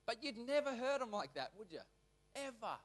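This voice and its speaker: A fairly high-voiced male pastor preaches in church at normal speed. He goes back and forth between scripture and animated, loose speech, often becoming suddenly loud or soft.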